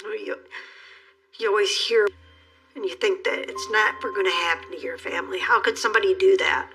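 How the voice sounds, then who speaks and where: Somber middle-aged woman, bright voice. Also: mid-range voice, fairly even intonation, moderate pace, faint music behind, low-quality recording. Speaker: interviewee, mother of the accused. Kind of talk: documentary interview.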